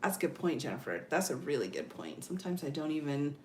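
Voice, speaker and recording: A woman's voice: deep voice, big pitch swings, fast, echoey room, slight background noise. A woman hosting a casual livestream, reading viewer comments aloud, laughing often and exclaiming "oh my goodness.". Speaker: livestream host.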